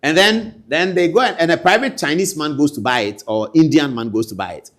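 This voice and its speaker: A man with a Ghanaian accent giving political commentary, animated and swinging between loud outbursts and low asides. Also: fairly quick.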